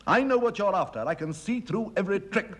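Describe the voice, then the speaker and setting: A man's voice: high-pitched, lively intonation, a little fast, a bit bright, a little hiss or hum. An actor playing a suspicious, agitated man pushing someone away, in film dialogue.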